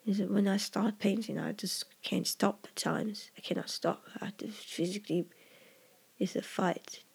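Gravelly, husky poet musing in halting whispers. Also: mid-range voice, steady tone. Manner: earnest, halting, drops into whispers. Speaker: poet discussing own poem. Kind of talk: personal reflective monologue.

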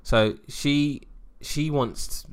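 A man co-hosting a podcast, talking politics in a sarcastic, jokey, animated way. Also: fairly high pitch, extremely slow, smooth. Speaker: podcast co-host. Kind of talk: casual political chat.

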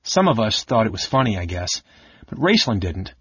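A man's voice: lowish voice, sing-song, normal speed, husky, no room sound, lo-fi sound. A man voicing a young male kender telling a story earnestly and with remorse.

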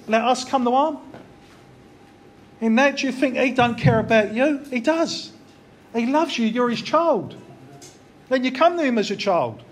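High-voiced earnest male preacher. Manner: earnest, repetitive, conversational preaching. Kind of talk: informal sermon.

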